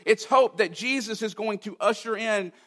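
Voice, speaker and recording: A man preaching a sermon, emphatic, asking rhetorical questions and swinging from loud to hushed. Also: high-pitched, normal speed, in a large hall. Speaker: pastor.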